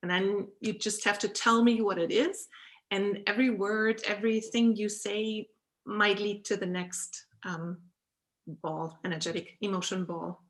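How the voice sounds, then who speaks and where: A woman's voice: mid-range voice, steady tone, a little slow. A woman from Germany with a German accent, a guest coach talking casually on a video call, explaining with frequent laughs and ums. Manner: laughs often while explaining, with many ums.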